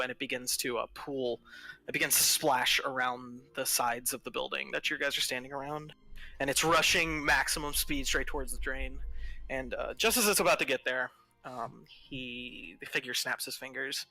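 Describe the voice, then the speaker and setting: A man's voice: medium pitch, fairly even intonation, normal speed, gravelly, sharp tone, no echo, soft background music, low-quality recording. A man narrating as game master, hesitant and full of fillers as he describes the scene.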